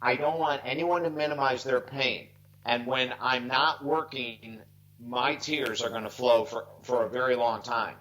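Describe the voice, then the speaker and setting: A man's voice: mid-range voice, fairly even intonation, unhurried, a bit bright, a little hiss or hum, rough recording. Earnest man in his sixties, near tears. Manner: earnest, heartfelt, emphatic. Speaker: life coach guest. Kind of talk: earnest storytelling interview.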